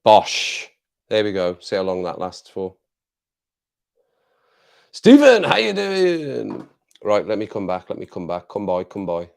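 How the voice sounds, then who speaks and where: A man's voice: low voice, flat delivery, moderate pace, a little mellow, smooth. An English man hosting a casual live chat with viewers from his home desk, jokey and rambling, laughing often, on a clip-on mic. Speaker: livestream host.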